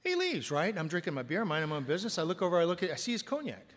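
A man telling a self-mocking story to an audience, acting out voices and loud punchlines. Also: sits high, sing-song, rapid-fire, big-room sound, background noise. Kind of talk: recovery storytelling with comic bits.

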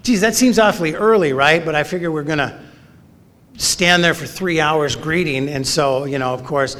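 A man's voice: a little high, moderate pace, fairly bright tone. A middle-aged man telling a funny personal story at a recovery meeting, with a wry, self-mocking manner. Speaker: speaker sharing his story at a recovery meeting. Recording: long reverb of a large hall.

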